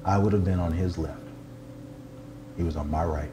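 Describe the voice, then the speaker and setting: With a low voice at a moderate pace, an older pastor recounts his personal testimony through lively storytelling and humor aimed at himself. Faint background hiss runs underneath.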